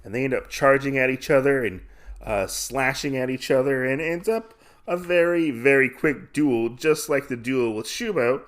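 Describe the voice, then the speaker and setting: A man's voice: mid-range voice, normal speed. A man hosting a podcast, casually recapping a comic-book issue in a rambling way with many fillers. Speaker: podcast host.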